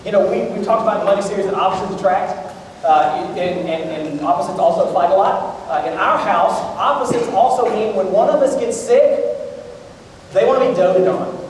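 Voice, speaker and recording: A man's voice: high-pitched, a little fast, a little hiss or hum. A man, preaching a sermon as pastor. He jokes and talks directly to the crowd. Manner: joking storyteller, talks to the crowd. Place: large church auditorium. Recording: echoey hall recorded from far off.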